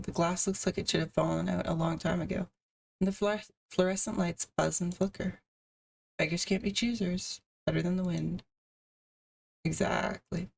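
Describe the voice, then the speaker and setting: A woman's voice: on the low side, gravelly, a little mellow, recorded from a distance, slight background noise. A woman streamer reading a visual novel aloud, with casual asides between the narration.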